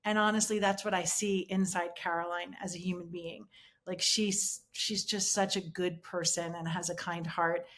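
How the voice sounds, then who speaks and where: A middle-aged woman, an interview guest, recounting a painful personal memory in a halting way with many pauses and restarts over a remote call. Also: on the low side, fairly even intonation, fairly bright tone. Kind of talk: emotional personal recollection.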